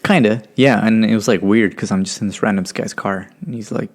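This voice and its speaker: A man's voice: lowish voice, fairly quick. A young man from California telling a long story casually, rambling a bit and acting out the voices of the people in it. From California, USA. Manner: relaxed, rambling, acts out quoted voices. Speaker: podcast guest.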